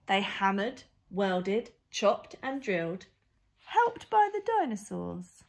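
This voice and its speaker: A woman's voice: mid-range voice, slow, vocal fry, a little hiss or hum. Sing-song woman reading to children. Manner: expressive, sing-song rhyming read-aloud. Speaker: storyteller for a family charity. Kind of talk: reading a picture book aloud to children.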